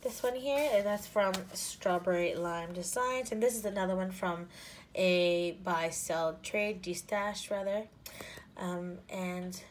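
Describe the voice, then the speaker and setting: Gushing woman with a low voice. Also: slight background noise. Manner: gushing, drifts into soft half-whispers. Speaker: planner sticker shop owner and vlogger. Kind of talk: casual haul show-and-tell.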